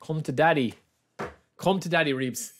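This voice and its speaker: Slight background noise sits under this man's voice, which is on the high side and moderately paced. He's an Irish game streamer opening player packs live, repeating exclamations and calling viewers lads.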